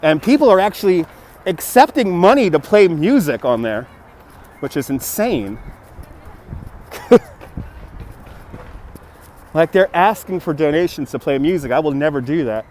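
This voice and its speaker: Unhurried and pausing often, this livestream host has a fairly high, very animated voice with a darkish tone and slight background noise. He's from Brooklyn, New York, chatting casually outdoors by a city river on a phone on a gimbal, reading viewers' messages aloud and thanking donors.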